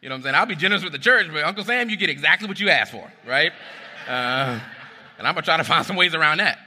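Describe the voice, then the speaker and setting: A man in his thirties preaches from the pulpit, his voice very bright and ringing. He talks to the congregation like a friend, shifting between storytelling and exhortation. A long church-hall reverb trails his words. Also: a little high, fast talker, slight background noise. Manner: storytelling, animated and conversational, addresses the crowd as y'all. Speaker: pastor. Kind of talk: sermon.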